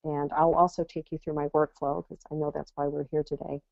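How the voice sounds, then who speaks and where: A woman getting over a cold, with a scratchy, hoarse voice, presenting a webinar as an enthusiastic, friendly guest speaker. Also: low-pitched, level tone, brisk, darkish tone, no echo. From Las Vegas, USA. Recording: dull lo-fi webinar audio.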